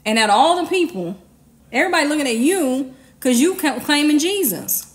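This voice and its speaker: A woman's voice: sits high, animated, a little fast. A woman giving an informal, emphatic sermon, talking conversationally with slang and repeated commands. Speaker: preacher.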